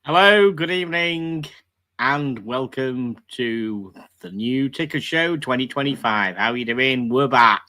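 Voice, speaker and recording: A man's voice: mid-range voice, lively intonation, measured pace, pushed and bright. A man hosting a live stream, chatting casually and greeting viewers from the chat by name. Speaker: livestream host.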